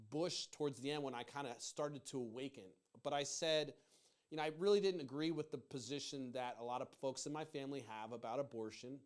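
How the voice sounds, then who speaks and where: Middle-aged male host, profane rambling rant, fairly high voice, loud and fired up. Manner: fired-up, profane, yelling emphasis; rambling with restarts. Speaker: political commentary host.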